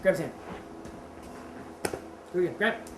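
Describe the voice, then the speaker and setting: A woman's voice: lowish voice, normal speed. A woman teaching a martial arts seminar, talking casually, quizzing the class and correcting herself. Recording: roomy echo with steady background noise.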